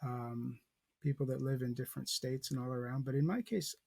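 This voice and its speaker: A man's voice: mid-range voice, steady tone, fairly quick, creaky, a little mellow, no room sound. A man teaching as a professor, talking his students through a poem in a loose, thinking-aloud way with many fillers and restarts. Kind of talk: poetry lecture with a read-aloud.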